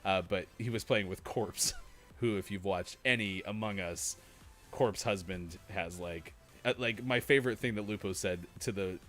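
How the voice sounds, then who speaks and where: A man in his thirties co-hosts a gaming morning show with a fairly low voice. He chats casually, telling anecdotes and laughing often. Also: moderate pace, fairly bright tone, soft background music. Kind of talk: casual chat.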